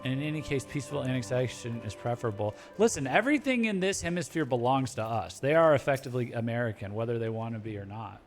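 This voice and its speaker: A man's voice: mid-range voice, lively intonation, fast talker, few pauses, faint music behind. Jokey, rambling male game streamer. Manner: rambling, jokey, mock-blustering. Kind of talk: casual live-stream commentary.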